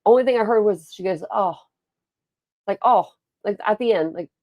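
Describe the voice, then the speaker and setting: A woman's voice: medium pitch, brisk, dark tone, dry recording. A young woman hosting a livestream, telling rambling stories in a chatty, casual way and replying to her chat. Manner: rambling storytelling, chatty, reads and answers chat. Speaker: livestream host.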